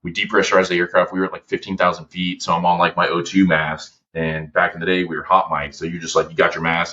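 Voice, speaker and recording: Deep-voiced man telling a war story. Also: fast, few pauses. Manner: relaxed, slangy, many fillers. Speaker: podcast guest, veteran. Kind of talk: casual storytelling. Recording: dull lo-fi audio.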